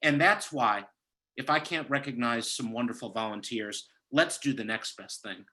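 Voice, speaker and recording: Man, bright voice, political speech, rallying cadence, video call audio. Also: medium pitch, normal speed, rough recording. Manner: impassioned, rallying, repetitive cadence. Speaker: candidate speaking at a party gala.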